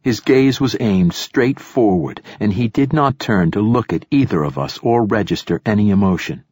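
A man reading a first-person novel aloud as an audiobook narrator, in a dry, measured way. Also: fairly low pitch, lively intonation, darkish tone, slightly rough, dry recording.

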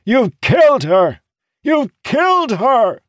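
A man voicing a desperate male ship captain who shouts and pleads in anguish, losing his ship. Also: lowish voice, animated, slow pace, dry recording, studio quality, pitched above the performer's own voice. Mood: frantic rage. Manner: yelling, anguished.

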